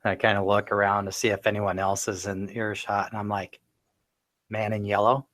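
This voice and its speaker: A man with a fairly low voice playing a tabletop role-play. He recounts his character's story plainly, with hesitations. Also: monotone, brisk, a bit bright. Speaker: player.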